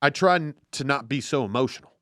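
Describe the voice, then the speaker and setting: A man's voice: medium pitch, quick pace, a bit bright, dry recording, clean studio sound, lightly acted. A man putting on a mocking impression of an earnest, emotional male quarterback answering a press question. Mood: gushing earnest. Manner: sincere, gushing, mocking impression.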